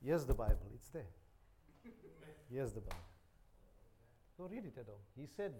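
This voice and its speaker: A man's voice: medium pitch, big pitch swings, normal speed, pauses often, dark tone, slight background noise. A man preaching a sermon, joking and chatty, repeating phrases. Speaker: pastor. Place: church.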